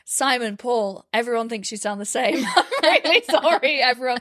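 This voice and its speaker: A woman's voice: on the high side, lively intonation, moderate pace, a bit bright. Chatty woman podcast co-host. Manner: chatty, laughs often, reads listener messages aloud. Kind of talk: casual comedic chat.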